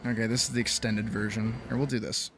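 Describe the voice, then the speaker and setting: A woman's voice: extremely low pitch, fairly even intonation, fast talker, soft background music. A woman streamer giving a rambling, profane pep talk in casual livestream chat. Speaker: streamer and artist.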